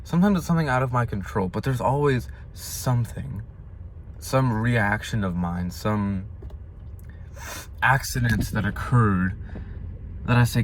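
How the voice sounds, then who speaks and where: An earnest young man with a middle-pitched voice shares a confessional faith reflection on his own channel. He talks plainly and reflectively, then bursts into loud, fervent declarations. A faint background noise sits behind him. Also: unhurried, long pauses. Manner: earnest and confessional, flaring into loud impassioned outbursts. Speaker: vlogger.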